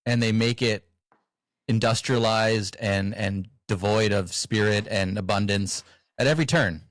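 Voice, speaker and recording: A man hosting an interview, agreeable and a little halting as he builds on his guest's points. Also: lowish voice, no room sound. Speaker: interview host. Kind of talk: casual interview chat.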